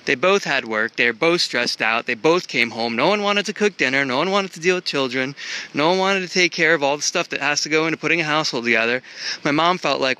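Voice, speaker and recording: A man's voice: fairly high pitch, quick pace, bright, forceful tone, clean tone. A man thinking aloud in a casual vlog as he walks through an outdoor park, filmed on a handheld camera. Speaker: traveler filming a walk.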